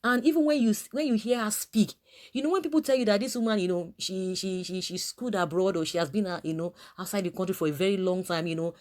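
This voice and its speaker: A woman with a Nigerian accent speaks her mind in a relaxed, unscripted way. Her sentences wander and restart, padded with frequent fillers as she builds her point. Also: medium pitch, fast talker. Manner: rambling, many fillers and restarts. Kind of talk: casual opinion talk.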